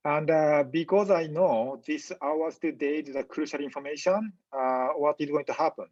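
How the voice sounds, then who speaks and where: A man giving a medical lecture in a webinar, speaking in a halting, measured way with frequent pauses and fillers. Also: fairly high pitch, a little mellow, no echo, dull audio. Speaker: physician lecturer.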